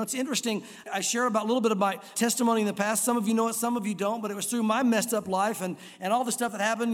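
A man preaching a sermon as a pastor, telling stories and acting out voices. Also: very high-pitched. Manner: animated storytelling, acts out voices. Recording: long reverb of a large hall.

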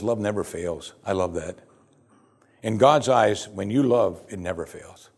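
A male pastor delivers a sermon in a fairly low voice. He is earnest and emphatic, leaning into key words and often letting his phrases fall to a hush. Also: husky. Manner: earnest, emphatic, often dropping to a hushed close.

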